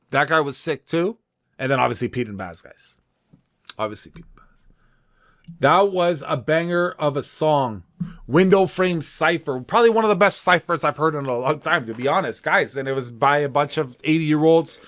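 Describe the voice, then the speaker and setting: Chatty Canadian man reacting to videos. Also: fairly high pitch. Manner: chatty, keeps addressing viewers as guys. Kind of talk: casual reaction commentary.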